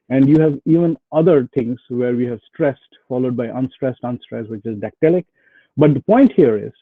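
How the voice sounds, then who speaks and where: A man's voice: medium pitch, slightly rough, dry recording. A man giving a webinar lecture to students, explaining poetic meter step by step. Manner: explanatory, walks through examples step by step. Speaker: guest lecturer. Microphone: video call. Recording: dry tinny phone-like audio.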